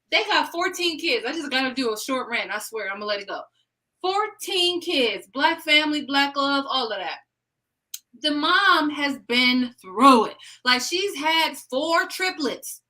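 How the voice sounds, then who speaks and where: A woman hosting a livestream, ranting in an animated, slangy casual chat. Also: high voice, unhurried, rough recording. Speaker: livestream host.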